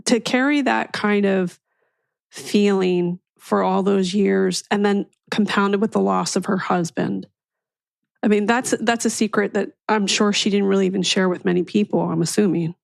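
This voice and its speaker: A woman podcast host asking gentle, empathetic questions in an interview. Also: medium pitch, fairly even intonation, moderate pace, gravelly, no echo.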